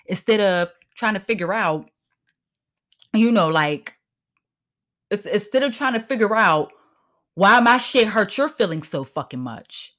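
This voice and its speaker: A woman's voice: medium pitch, expressive, measured pace, long pauses, fairly bright tone. A woman hosting her own podcast, ranting in a heated, emphatic and profane way. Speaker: podcast host. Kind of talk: solo podcast rant.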